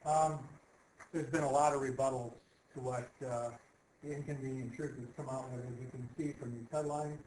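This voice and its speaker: A man's voice: medium pitch, fairly even intonation, normal speed, darkish tone, slight background noise. A man giving a casual classroom lecture, walking through slides with sarcastic asides and asking his listeners if they follow. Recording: echoey room.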